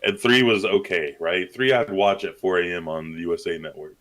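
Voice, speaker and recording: A man with a fairly low voice chats loosely about a film he just watched. He jumps into loud, high-pitched bits when he acts out scenes. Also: brisk. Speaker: podcast co-host. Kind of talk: casual movie chat.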